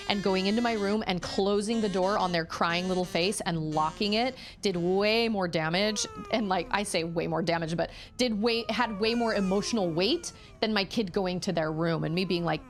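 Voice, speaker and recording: A woman's voice: on the low side, moderate pace. A woman in her thirties, a streamer and mother, chatting candidly and at length while she plays, acting out the voices she quotes. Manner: candid, rambling, acts out quotes. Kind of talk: casual chat while gaming.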